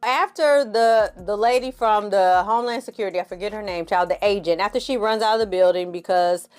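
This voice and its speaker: A woman's voice: mid-range voice, fairly quick, smooth, soft background music. A woman ranting through a bad movie review in a casual, sarcastic, profane style. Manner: sarcastic, profane, animated storytelling.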